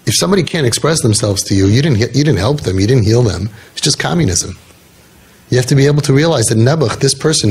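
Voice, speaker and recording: A man's voice: mid-range voice, breathy edge. A man speaking earnestly to parents in a heartfelt talk, telling stories and swinging his voice up for emphasis.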